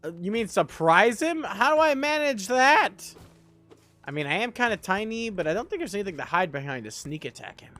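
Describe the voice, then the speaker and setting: A man's voice: high-pitched, very animated, fairly quick, fairly bright tone, faint music behind. A young man streaming a game live, joking about himself and chatting with his viewers. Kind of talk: live gameplay chat.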